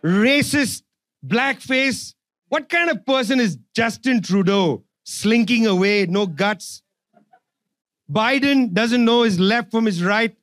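High-voiced man giving a fiery speech. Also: takes it slowly, a bit bright, no room sound, clean studio sound. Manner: sarcastic, emphatic, repeats phrases. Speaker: public speaker. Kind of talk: impassioned political speech.

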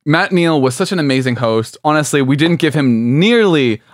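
A man's voice: fairly high pitch, animated, normal speed, no echo, studio quality. Giggly, rambling podcast co-host man. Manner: giggly, rambling, tipsy from champagne. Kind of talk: casual comedic chat.

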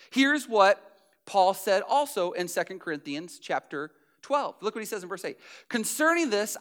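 A man preaching a sermon as pastor, repeating key phrases with emphasis and swinging between soft and loud delivery. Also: high-pitched.

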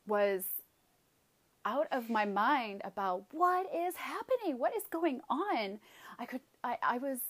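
A woman telling a personal story with emphatic, vivid retelling, acting out her own outbursts. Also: fairly high pitch.

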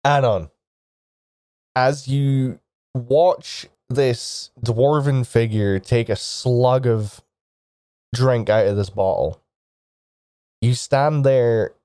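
Slow-talking male game master, halting, dry close sound. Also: medium pitch, dark tone, no echo. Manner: halting, with many restarts and laughs. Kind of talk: narrating a tabletop game.

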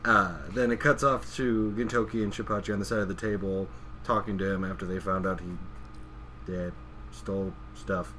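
A man co-hosting a podcast, recapping a manga in casual chat and reading out dialogue in a plain, steady way. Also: deep voice, moderate pace, slight background noise. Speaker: podcast co-host.

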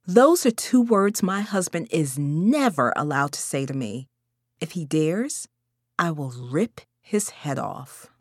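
A fed-up mother speaks slowly and emphatically in a low voice, as a woman narrator puts her on. Her pitch swoops widely as she stresses each word, and the sound is dry and close. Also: big pitch swings, dry recording, full character voice. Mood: fierce. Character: fed-up mother, fierce and blunt. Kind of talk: audiobook character reading.

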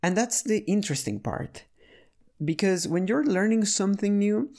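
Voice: mid-range voice, lively intonation, moderate pace, darkish tone. A speaker casually telling a story about learning a language, chatty and full of restarts and fillers.

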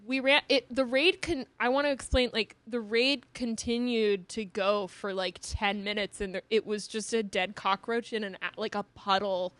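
A woman's voice: mid-range voice, fairly even intonation, moderate pace, hardly any pauses, fairly bright tone, dry recording. A woman in her early twenties, a podcast guest telling a story in casual chat, hesitant and full of fillers. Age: 20s.

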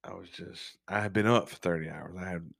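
A man hosting a casual podcast, telling a personal story in a halting, candid way with frequent swearing. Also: deep voice, creaky, a bit bright, no echo, studio quality. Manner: works as an on-call technician, speaks plainly about long shifts. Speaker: podcast host.

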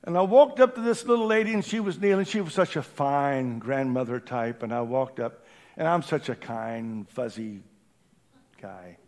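A man preaching a sermon in a church, impassioned, swinging from hushed tones to shouting. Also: medium pitch, expressive, normal speed. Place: church building during a service.

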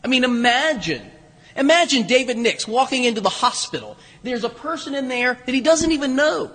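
Bright-voiced pastor preaching in a reverberant church. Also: male voice, very high-pitched, expressive, moderate pace. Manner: conversational storytelling with humor and restarts. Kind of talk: sermon. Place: church sanctuary.

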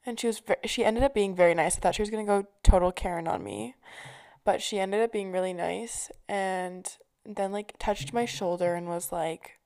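Casting note: young woman vlogger, mellow voice with vocal fry, chatty and loose, swears a lot. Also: mid-range voice, moderate pace. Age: young adult. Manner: chatty storyteller, swears freely, many fillers. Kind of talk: casual chat.

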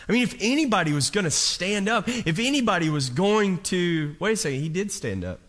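A man preaching a sermon, telling the story dramatically and swinging between hushed and loud. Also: high voice, very animated, normal speed, few pauses. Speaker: pastor. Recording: long hall reverb.

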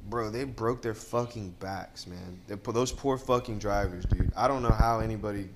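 A man's voice: lowish voice, normal speed, background noise. A man co-hosting a casual podcast, talking in an emphatic, slangy way and repeating himself for effect. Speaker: podcast co-host. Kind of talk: casual chat.

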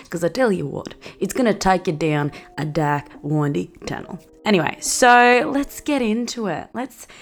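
Low-voiced, blunt Australian woman ranting. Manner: blunt, sweary and sarcastic. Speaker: podcast host. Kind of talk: ranting solo podcast monologue.

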